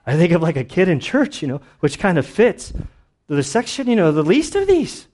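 Guy preaching a laid-back sermon, kinda high voice, rambly with lots of likes and restarts. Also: very animated, moderate pace, a little mellow. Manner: casual storytelling with many fillers and restarts. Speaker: pastor. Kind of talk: conversational sermon.

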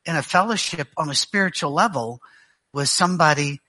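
Bright high-voiced Glaswegian man preaching. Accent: Glaswegian Scottish. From Scotland. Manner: dry joking storyteller with halting restarts. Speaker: guest preacher. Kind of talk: sermon. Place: church.

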